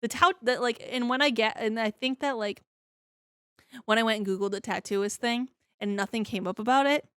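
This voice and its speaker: A woman's voice: on the high side, moderate pace, fairly bright tone, clean tone, no room sound, clean studio sound. A young woman co-hosting a podcast, chatting casually and ramblingly about a book, filling her talk with "like" and casual swearing. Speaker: podcast co-host. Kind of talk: casual chat, book review.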